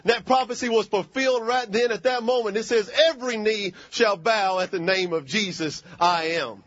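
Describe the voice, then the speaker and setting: A man's voice: high-pitched, normal speed, a bit bright, no room sound, dull audio. A man preaching a fervent sermon and calling for amens.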